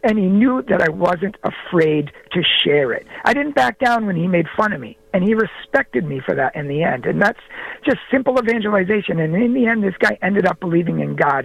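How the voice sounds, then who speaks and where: A man talking as a guest on a radio show, telling stories in an animated way and acting out the dialogue. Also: sits high, creaky, poor audio. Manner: animated, acts out quoted dialogue. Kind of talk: storytelling in a radio interview.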